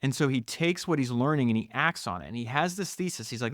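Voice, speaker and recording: A man's voice: mid-range voice, lively intonation, fast, few pauses, fairly bright tone, no echo, studio quality. Man retelling a business story. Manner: enthusiastic, frequent restarts and "you know". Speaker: podcast host. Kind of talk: retelling a biography, casual podcast talk.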